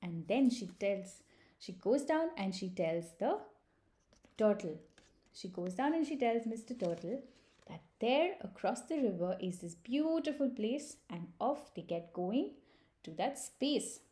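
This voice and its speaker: A woman telling a picture-book story to young children at a slow, gentle pace. Her voice is mellow and soft-edged. She sometimes restarts a sentence as she goes. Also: medium pitch, big pitch swings. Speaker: preschool storyteller.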